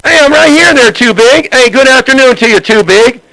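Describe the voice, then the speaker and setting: A man's voice: very high voice, fairly quick, creaky. A man trash-talking over a CB radio, taunting and repeating himself, with a crackly radio sound. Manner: taunting, repetitive, laughing. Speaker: CB radio operator.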